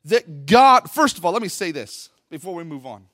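High-voiced bright fervent male preacher. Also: big pitch swings, normal speed, dry recording, clean studio sound. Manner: conversational preaching that swells into loud, fervent bursts. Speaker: pastor. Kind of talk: Pentecostal sermon. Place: church sanctuary. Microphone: handheld microphone at the pulpit.

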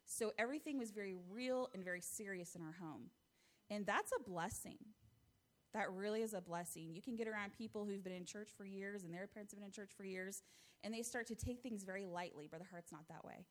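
A woman's voice: medium pitch, fairly quick. American woman, thirties, sharing a heartfelt church testimony. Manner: earnest, heartfelt storytelling with light laughs. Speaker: church member giving testimony. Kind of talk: testimony talk to a congregation.

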